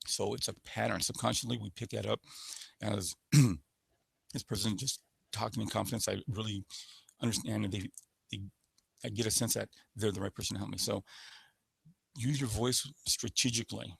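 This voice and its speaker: A man's voice: lowish voice, fairly even intonation, normal speed, creaky, long pauses, a bit bright, slightly rough, no room sound. A man presenting a sales-skills webinar in a coaching manner, showing voice patterns with sample phrases. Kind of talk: instructional webinar talk.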